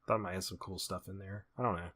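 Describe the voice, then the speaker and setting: A man's voice: sits low, steady tone, fast talker, pushed and bright. A man co-hosting a horror movie podcast, reading movie summaries aloud and adding offhand opinions. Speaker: podcast co-host. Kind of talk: casual chat and reading movie blurbs.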